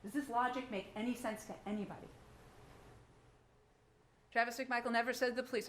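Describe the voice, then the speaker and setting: A woman's voice: high voice, animated, a little fast, fairly bright tone. A woman prosecutor giving a closing argument to a jury, emphatic and full of rhetorical questions. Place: courtroom. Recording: echoey courtroom, faint background noise.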